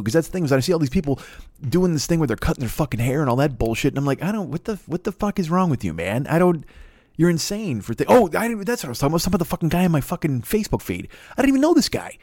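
A man's voice: a little high, big pitch swings, very fast, darkish tone, dry recording, clean studio sound. A man hosting a comedy podcast, rambling through a profane, self-interrupting rant. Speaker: podcast host.

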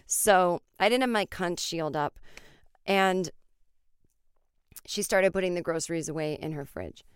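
A woman in her forties hosting a podcast, telling a comic personal story with lively acted-out quotes and casual swearing. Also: fairly low pitch, a little slow, clear, resonant tone, no room sound, studio quality. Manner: animated, acts out voices in quotes, swears freely. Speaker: podcast host.

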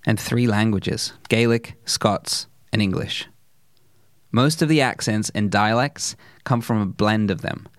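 A man narrating a scripted segment in an earnest, measured way. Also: on the low side, no room sound, clean studio sound.

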